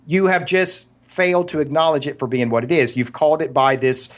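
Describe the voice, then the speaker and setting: A man's voice: fairly high pitch, fairly quick. Earnest man arguing in a casual podcast. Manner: earnest, stumbling restarts, absurd analogies. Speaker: podcast co-host. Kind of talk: casual argumentative discussion.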